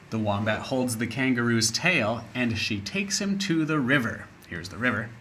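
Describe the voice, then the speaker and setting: Slow, expressive male English teacher. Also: mid-range voice, slight background noise. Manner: explains words slowly, expressive. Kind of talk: reading a story aloud to young learners.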